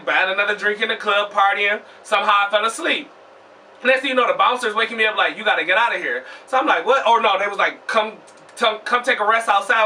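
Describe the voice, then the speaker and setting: A young man telling a storytime vlog in a profane, animated way, acting out what people said. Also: high-pitched, distant mic, slight background noise. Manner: animated, profane, acts out quoted voices loudly.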